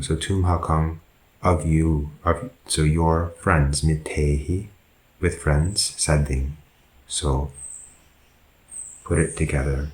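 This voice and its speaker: A man's voice: rumbling low, a little mellow, roomy sound. A man, a monk, teaching a language lesson, who goes through example sentences patiently and often corrects himself. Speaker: Buddhist monk teaching Pali.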